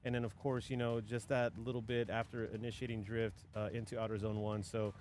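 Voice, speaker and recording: A man's voice: lowish voice, flat delivery, fairly quick, a little mellow, faint music behind. A man commentating and judging a live drift event, rambling casually with many restarts.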